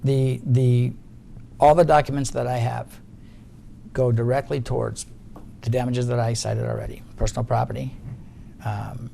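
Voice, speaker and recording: A man's voice: mid-range voice, little pitch movement, normal speed, vocal fry, pauses often, warm tone, a little hiss or hum. A middle-aged man giving deposition testimony, guarded and insistent, often restarting his sentences. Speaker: witness in a legal deposition.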